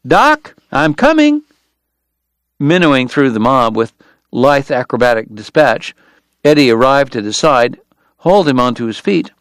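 Male narrator, mid-pitched, steady and measured, dry close studio sound. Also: clean tone, dry recording. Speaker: audiobook narrator. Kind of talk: scripted narration.

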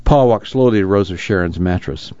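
A man announcing and reading an audiobook aloud on a radio reading service, in a measured, plain manner, in a dull lo-fi recording. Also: low-pitched, mellow, no room sound.

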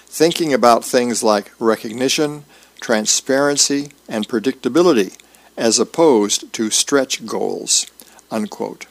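A man reading news articles aloud in a steady read-aloud delivery, marking quotations by saying "quote" and "unquote". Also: medium pitch. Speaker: article reader.

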